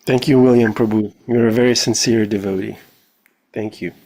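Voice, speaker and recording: A man's voice: on the low side, fairly even intonation, moderate pace, warm tone, slight background noise. A man moderating a devotional class discussion, courteously thanking speakers and calling on the next.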